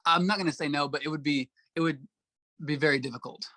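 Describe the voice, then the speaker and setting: A man from Arkansas with a Southern accent, answering interview questions in a halting way with many pauses and fillers. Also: on the high side, fairly even intonation, sharp tone, no room sound. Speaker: actor, interview guest.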